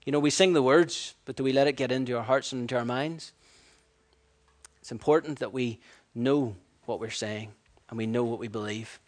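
This sermon comes from an animated man who tells stories, does voices, and laughs at his own anecdotes. His pitch is medium and his speed normal.

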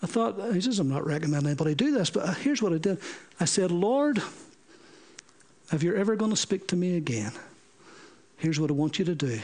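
A man's voice: high voice, fairly quick, pauses often. A middle-aged man, preaching a sermon through stories and acting out the dialogue he quotes. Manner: animated, acts out quoted dialogue. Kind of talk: sermon storytelling.

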